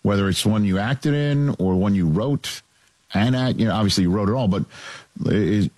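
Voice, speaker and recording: A man hosting an interview, asking his questions in a halting way. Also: on the low side, a little mellow, dry recording.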